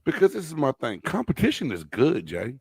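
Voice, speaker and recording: A man's voice: fairly high pitch, wildly swooping pitch, brisk, creaky, a little mellow, husky, no echo, studio quality. A man co-hosting a casual sports debate show, blunt and emphatic, swearing casually.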